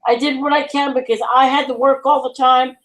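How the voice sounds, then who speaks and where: Chatty middle-aged woman, rather high voice. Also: flat delivery, a little fast, poor audio. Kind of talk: casual live stream chat.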